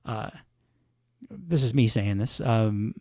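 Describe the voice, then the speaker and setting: A man's voice: on the low side, expressive, slow, gravelly, warm tone, no room sound, clean studio sound. A man hosting a podcast, recapping a show in a chatty, casual way with lots of fillers. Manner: chatty, many fillers, laughs at himself. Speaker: podcast host.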